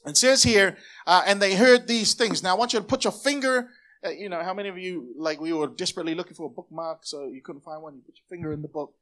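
A pastor with a high, bright-pitched voice delivers a lively sermon. He talks straight to the congregation and has them repeat his words back to him. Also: fast talker. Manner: energetic, calls on the congregation to repeat phrases.

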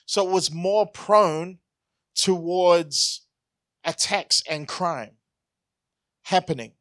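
Pastor preaching a casual sermon. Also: male voice, high-pitched, very slow, a bit bright, no room sound. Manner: conversational, joking, asks the congregation questions.

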